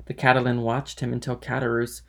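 Male reader, classic novel audiobook, steady and plain. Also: medium pitch, fairly quick, vocal fry. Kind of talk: audiobook narration.

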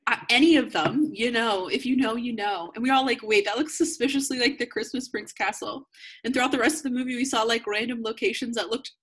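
Slightly high husky woman joking through a movie recap. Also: brisk, a bit bright. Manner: wry, laughing asides while summing up the plot. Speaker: podcast co-host. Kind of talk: casual movie recap chat.

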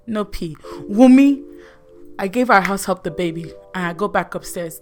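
A woman's voice: mid-range voice, normal speed, soft background music. Sassy young woman telling a story. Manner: animated, sassy storytelling, with bursts of shouting. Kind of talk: storytime vlog.

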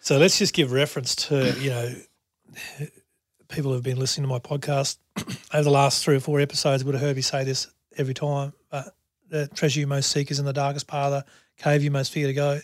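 A man's voice: medium pitch, level tone, brisk, no room sound, studio quality. A man hosting a podcast, speaking reflectively and summing up the talk with sayings. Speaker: podcast host. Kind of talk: conversational interview.

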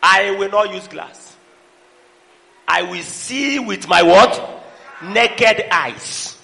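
A middle-aged man preaching a sermon, calling out to the congregation and shouting for emphasis. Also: high voice, very slow, gravelly. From Nigeria. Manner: preaching with call-and-response, breaking into song and shouts. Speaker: pastor. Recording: long hall reverb.

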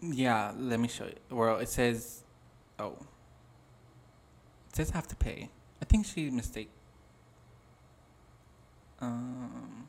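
Podcast guy on a video call, mid pitch, swears a ton, rambly chatty storytelling. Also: slow, gravelly, pauses often, slightly rough. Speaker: podcast co-host. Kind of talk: casual comedic chat.

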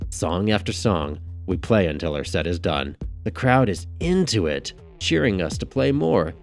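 A man narrating a first-person story in a casual, wry storytelling manner. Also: low-pitched.

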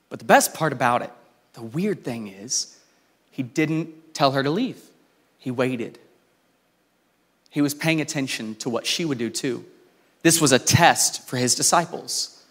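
A man preaching a sermon in a casual, conversational way, telling a story with lively voices for the people in it. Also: medium pitch, normal speed, pauses often. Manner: informal and conversational, with restarts. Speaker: pastor.

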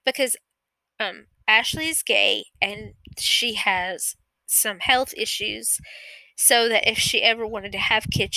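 A woman with a fairly high, bright, forceful voice tells a true story from her own life in a loose, conversational way. She rambles, doubles back to fix her own details, and swears without holding back. The sound is close and dry, with no room around it. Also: dry recording, poor audio. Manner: rambling, self-correcting, candid with swearing. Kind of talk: casual personal storytelling.

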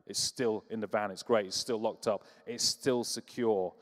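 A man preaching a sermon, telling stories with humor and lively energy. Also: lowish voice, moderate pace, big-room sound. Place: church.

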